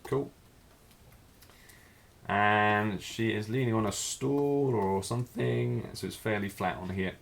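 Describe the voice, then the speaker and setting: A man with a fairly low voice leads a live figure drawing lesson, narrating his strokes as he works. He talks in a relaxed, thinking-aloud way. A faint hum of room noise sits behind him. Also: takes it slowly, vocal fry, pauses often. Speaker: life drawing teacher.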